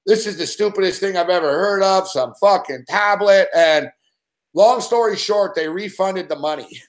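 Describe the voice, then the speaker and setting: A man's voice: high voice, moderate pace. A man hosting a show, telling a long profane story in an agitated, swearing rant. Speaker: show host.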